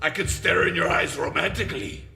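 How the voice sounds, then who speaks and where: A man doing a gravelly, shrieking ghoul metalhead. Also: brisk, roomy sound, heavily acted. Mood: mocking. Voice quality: gravelly, shrill. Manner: shouting, profane, mock-menacing. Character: masked ghoul metal singer, crude and aggressive. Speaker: host of a call-in question segment.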